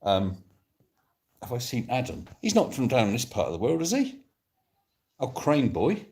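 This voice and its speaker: A man's voice: medium pitch, huge pitch swings, a little slow, mellow. A man from Devon streaming live from his phone on a sofa, chatting casually and reading viewer comments aloud in a playful, joking way. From Devon, England. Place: indoors on a sofa.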